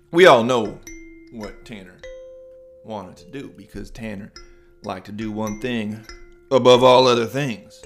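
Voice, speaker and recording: Relaxed dad telling a bedtime story. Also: male voice, fairly low pitch, measured pace, pauses often, soft background music. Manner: relaxed, improvised, with restarts. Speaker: storyteller and podcast host.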